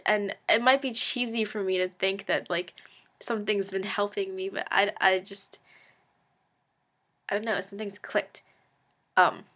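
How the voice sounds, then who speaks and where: A woman's voice: medium pitch, pushed and bright. A young woman in her late teens talking casually to camera, rambling and self-deprecating, filling her speech with "like" and tossing in frank, sarcastic asides. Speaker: vlogger. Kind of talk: casual confessional monologue.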